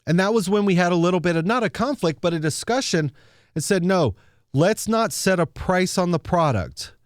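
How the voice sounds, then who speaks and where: A man's voice: high voice, lively intonation, normal speed, dry recording, studio quality. A man telling an emotional, earnest story in a motivational talk, often repeating words as he goes. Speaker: speaker sharing a founder story.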